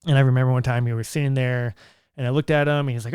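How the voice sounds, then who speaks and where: Earnest man with a smooth, clear voice. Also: medium pitch, fairly even intonation, a little mellow, no echo, clean studio sound. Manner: earnest, reflective, halting with restarts. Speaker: single father vlogger. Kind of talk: personal storytelling to camera.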